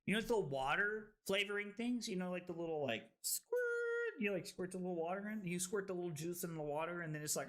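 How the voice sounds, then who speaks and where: A tipsy man streaming a card game, excitable and foul-mouthed, who keeps laughing and yelling. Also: high-pitched, fast talker, hardly any pauses. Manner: excitable, swears freely, breaks into laughter and yells. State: tipsy from drinking. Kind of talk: rowdy live-stream commentary.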